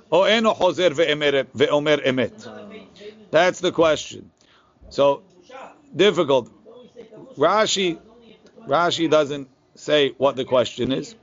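A man's voice: on the high side, a bit bright. Man teaching a Talmud class, lo-fi. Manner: reads the source text quickly, then explains it casually. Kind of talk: Talmud class, reading and translating. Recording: lo-fi, muffled recording.

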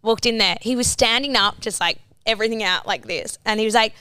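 A woman, a podcast co-host telling stories in a casual, sweary, animated way and acting out the voices of the people in them. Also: a little high, brisk, clear, resonant tone, no echo. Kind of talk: casual storytelling chat.

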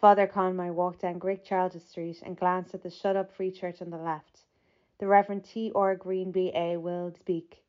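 Woman, literary audiobook narrator, lowish voice, measured reading, slightly muffled lo-fi sound. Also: flat delivery. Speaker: audiobook reader.

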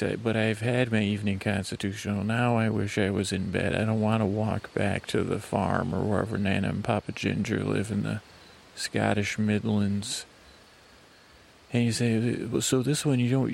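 Whispering man with a gravelly low voice. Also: a little mellow, slight background noise. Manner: whispering, meandering and self-interrupting. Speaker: sleep podcast host. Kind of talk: whispered rambling sleep podcast. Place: outdoors on a night walk. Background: crickets chirping.

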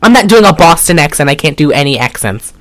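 A man's voice: on the high side, very animated, fast, a bit bright, no echo. A man co-hosting a casual chat, recapping a film in a rambling, jokey way with lots of fillers. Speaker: podcast co-host.

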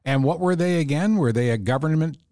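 A radio personality from Canada, a man guesting on a podcast and speaking in a measured, blunt way. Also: mellow, no echo, clean studio sound. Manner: measured, blunt, drops to a low mutter. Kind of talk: casual podcast chat.

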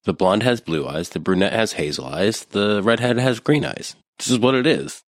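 A man's voice: lowish voice, lively intonation, normal speed, no room sound, clean studio sound. A man co-hosting a podcast, chatting crudely and riffing with profanity. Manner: profane, riffing, acts out voices in quotes. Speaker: podcast co-host. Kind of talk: crude casual chat.

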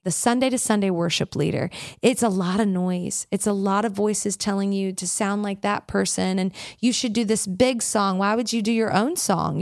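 A woman worship leader in a casual interview, telling stories with lively acted-out quotes and many "like"s. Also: medium pitch, no room sound, clean studio sound. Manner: animated storyteller, acts out quotes, frequent "like".

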